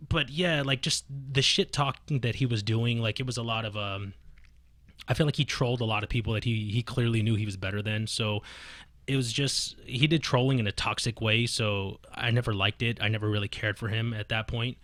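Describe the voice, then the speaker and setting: A man telling stories as a podcast guest, animated and profane, full of fillers. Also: medium pitch, normal speed, dry recording. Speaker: podcast guest, competitive fighting game player. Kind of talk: casual podcast chat.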